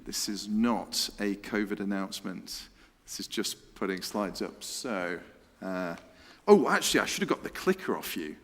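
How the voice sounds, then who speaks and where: Playful preacher in a church hall. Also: male voice, on the low side, moderate pace. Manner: playful, excitable, chatty. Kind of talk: lively church talk with a quiz. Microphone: handheld microphone. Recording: reverberant hall sound.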